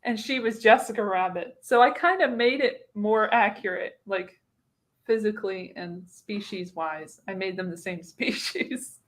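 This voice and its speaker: A woman's voice: medium pitch, a little slow. Rambling, laughing woman chatting casually. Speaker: co-host. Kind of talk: casual chat.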